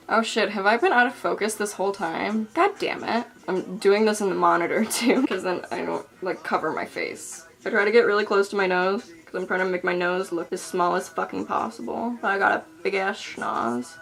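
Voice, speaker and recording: A woman's voice: medium pitch, moderate pace, vocal fry, a bit bright. A young woman rambling through a casual makeup tutorial in her bedroom, swearing freely and mocking herself as she goes. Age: young adult. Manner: rambling, profane, self-mocking. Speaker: beauty vlogger. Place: bedroom at home.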